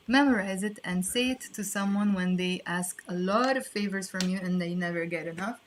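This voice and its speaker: A woman's voice: on the low side, normal speed, few pauses. A woman teaching a language lesson online, explaining in a playful, chatty way with asides.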